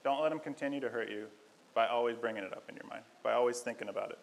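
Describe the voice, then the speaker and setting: A man's voice: medium pitch, rapid-fire, creaky, poor audio. A young man preaching a casual, joking sermon, telling stories with self-deprecating humor. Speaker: lay preacher.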